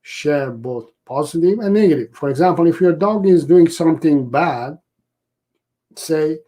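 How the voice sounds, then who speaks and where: Male dog trainer on a live stream; slightly higher voice, unhurried delivery, careful explanations with frequent restarts. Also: lively intonation, dark tone, rough recording.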